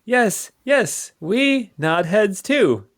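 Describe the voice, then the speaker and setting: A man voicing a cowardly small male goblin creature who whines in a squeaky, frantic voice. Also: very animated, extremely slow, a bit bright, heavily acted. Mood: nervous.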